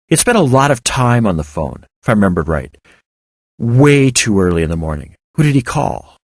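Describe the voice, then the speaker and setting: A man narrating first-person fiction in a measured, reflective storytelling manner. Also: fairly low pitch, no room sound.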